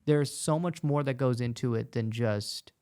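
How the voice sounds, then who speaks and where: Gravelly-voiced man telling stories. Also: medium pitch. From United States. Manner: animated storytelling, quick asides. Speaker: stand-up comedian guest. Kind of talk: casual podcast conversation.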